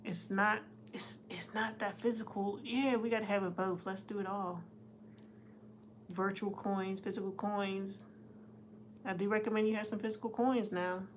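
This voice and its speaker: Woman livestream host, easygoing and chatty, mid-pitched, faint room hum behind. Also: steady tone, moderate pace. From United States. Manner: chatty, laughs often, talks to chat. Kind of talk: casual live chat reading comments.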